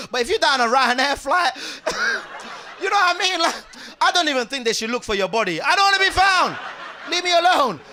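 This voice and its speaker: A young man performs stand-up on a club stage, loud, animated and laughing through his lines. His voice sits very high and comes across bright and sharp. Faint club noise hangs behind him. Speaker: stand-up comedian. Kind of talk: stand-up comedy set.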